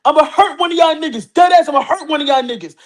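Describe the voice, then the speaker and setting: A brash, fed-up Brooklyn tough guy who barks street slang and repeats himself until he's heard, put on by a woman. The voice sits fairly high for a man, with a rough, heated edge. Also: fast, natural voice. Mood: threatening.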